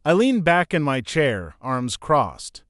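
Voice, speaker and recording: A man in his thirties reading a scripted first-person story in a measured, dramatic way with pauses. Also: on the high side, sing-song, a bit bright, dry recording, studio quality. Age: 30s.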